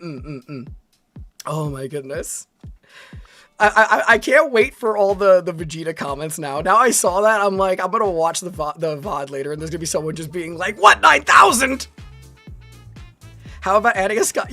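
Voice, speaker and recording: A woman's voice: on the low side, lively intonation, moderate pace, fairly bright tone, faint music behind. A woman streamer chatting casually with her viewers, rambling with lots of "like" and "right?". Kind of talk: casual live-stream chat reacting with viewers.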